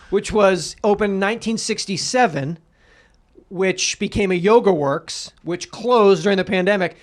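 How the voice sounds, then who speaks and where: Animated, high-voiced man ranting. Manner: animated, profane, mock-outraged rants. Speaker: podcast co-host. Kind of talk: casual comedic banter.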